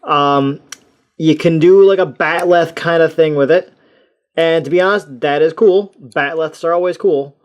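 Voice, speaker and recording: Chatty man with a higher voice. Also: measured pace, smooth. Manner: rambling, self-deprecating, chatty with restarts. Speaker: toy reviewer. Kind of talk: casual toy review talk.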